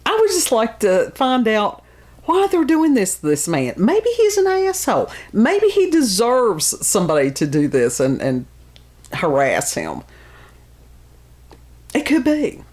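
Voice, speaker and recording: A woman's voice: fairly high pitch, wildly swooping pitch, measured pace, darkish tone. A woman hosting a casual podcast chat, blunt and exasperated, often sighing and laughing. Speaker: podcast host.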